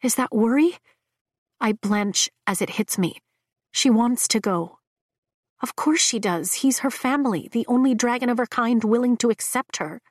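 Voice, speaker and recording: A woman narrating a fantasy novel in the first person, with a measured, emotive reading. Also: fairly high pitch, no echo, studio quality. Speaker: audiobook narrator.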